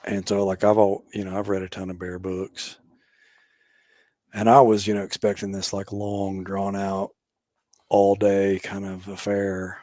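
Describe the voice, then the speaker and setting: Deep-voiced man recounting a hunt in a halting, filler-heavy way on a video call, dry sound. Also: monotone, mellow, dry recording. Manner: halting, full of "like" and "you know". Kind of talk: casual storytelling chat.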